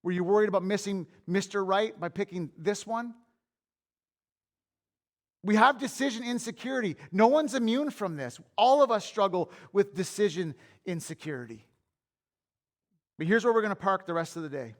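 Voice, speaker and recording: High-voiced pastor preaching candidly. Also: male voice, normal speed, long pauses. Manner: candid, conversational preaching with anecdotes; repeats and restarts words when worked up. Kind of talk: sermon. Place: church.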